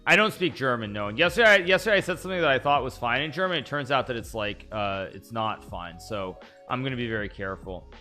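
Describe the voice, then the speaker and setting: Bright-voiced man streaming chess. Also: mid-range voice, animated, soft background music. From United States. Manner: chatty and rambling, thinks aloud about moves, quick thank-yous to subscribers. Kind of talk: live-stream chess commentary and chat.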